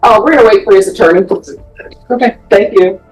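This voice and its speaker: A woman's voice: mid-range voice, a little fast, darkish tone, faint music behind, rough recording. A woman judge in a courtroom, speaking in a stern, lecturing way. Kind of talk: courtroom proceedings.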